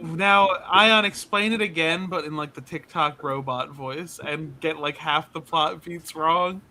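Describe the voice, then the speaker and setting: A man's voice: a little high, unhurried, pushed and bright. A man teasing his friends in a casual group chat.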